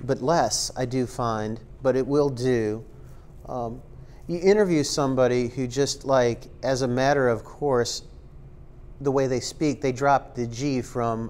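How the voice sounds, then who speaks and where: Speaking at a measured pace, this instructor has a medium-pitched, slightly mellow voice with fairly even intonation. His casual screen-recorded tutorial is rambling and full of fillers like um and like, with self-aware jokes along the way.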